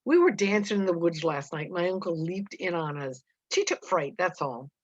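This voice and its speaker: A woman voices a bold, scheming teenage girl who coaxes and taunts. The voice is low for a woman and the recording sounds dull and dry. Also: animated, normal speed, no room sound. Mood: coaxing.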